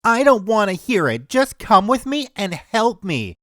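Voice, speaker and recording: A man voicing an angry, pushy older woman shopper who is loud and demanding. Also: high-pitched, big pitch swings, unhurried, no echo, clean studio sound, voice pushed up, exaggerated voice. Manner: loud, near-screaming, demanding.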